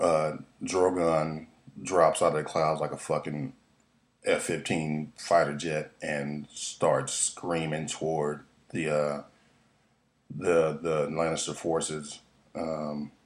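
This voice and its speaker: A man giving a casual, profane, excitable recap of a TV episode, rambling with lots of fillers and restarts. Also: rumbling low, slow pace. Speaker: podcast host recapping a TV episode.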